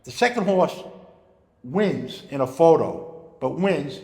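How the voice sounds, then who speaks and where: Animated storyteller man in an echoey room. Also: a little high, slow pace. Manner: animated, acts out voices in his stories. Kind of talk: casual storytelling. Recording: echoey room with long reverb.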